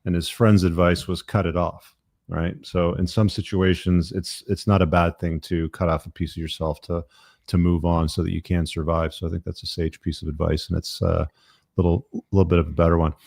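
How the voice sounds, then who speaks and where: A man's voice: sits low, level tone, fairly quick, creaky, darkish tone, no echo, clean studio sound. A middle-aged man hosting a podcast, giving blunt, profane opinions with many fillers. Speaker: podcast host. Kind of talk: casual podcast talk.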